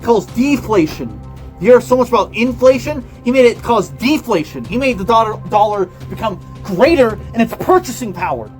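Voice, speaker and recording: A young man telling a satirical mock-conspiracy story in a mock-serious, ranting way, swinging from loud outbursts to hushed asides. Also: extremely high pitch, animated, normal speed, soft background music. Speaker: comedy video narrator.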